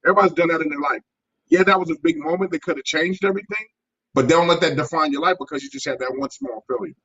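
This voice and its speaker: A man's voice: on the high side, quick pace, gravelly, a bit bright, breathy edge, lo-fi sound. A man co-hosting a sports talk show, talking casually and emphatically and often repeating words.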